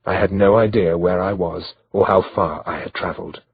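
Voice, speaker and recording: A man narrating an audiobook in first person with a measured, steady delivery, in a slightly dull lo-fi recording. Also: sits low, breathy edge, dry recording.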